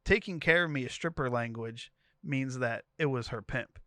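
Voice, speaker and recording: A man co-hosting a podcast, retelling a wild story in an animated, comedic way. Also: mid-range voice, moderate pace, no room sound. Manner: animated storytelling, voicing each character. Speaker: podcast co-host. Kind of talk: comedic dramatic reading of a story.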